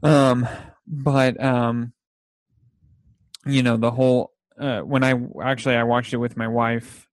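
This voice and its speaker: A man in casual chat about movies, rambling and animated as he retells scenes. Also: mid-range voice, slow pace, no echo.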